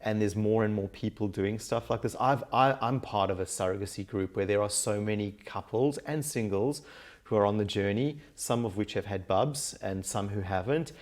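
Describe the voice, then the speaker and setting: A man with an Australian accent, a life coach telling his story in a casual interview, animated and laughing often as he acts out what people said. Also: fairly low pitch, normal speed. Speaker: guest, mindset and life coach.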